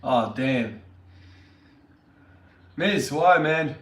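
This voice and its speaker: A man's voice: mid-range voice, expressive, very slow. Aussie guy chatting on a livestream, upbeat, mic set back, roomy echo. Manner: upbeat, greets viewers by name. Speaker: fitness vlogger. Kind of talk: casual livestream chat. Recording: echoey room, mic at a distance.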